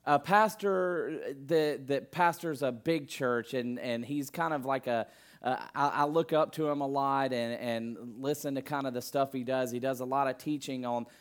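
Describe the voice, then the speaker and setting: A young man preaching a conversational sermon, telling family stories in an animated way with frequent restarts. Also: mid-range voice, moderate pace.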